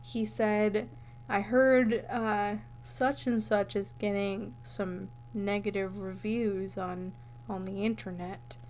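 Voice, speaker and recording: A woman's voice: medium pitch, steady tone, takes it slowly, a little mellow, a little hiss or hum. A young woman co-hosting a podcast in casual chat, giggly and easily amused, telling meandering stories. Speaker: podcast co-host.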